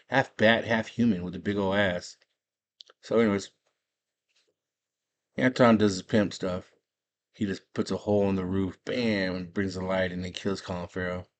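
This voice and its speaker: A man with a fairly low voice talks through a movie plot in relaxed, slang-filled chat. He sounds like he's at home, chatting easily to his viewers. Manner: slangy and laid-back, retelling a plot. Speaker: movie review vlogger. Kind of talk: casual chat.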